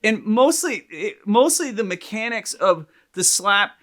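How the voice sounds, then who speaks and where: A man's voice: high-pitched, sing-song, a little slow, fairly bright tone. A man co-hosting a podcast, telling a story in casual chat with lots of laughs and restarts. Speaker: podcast co-host, psychologist.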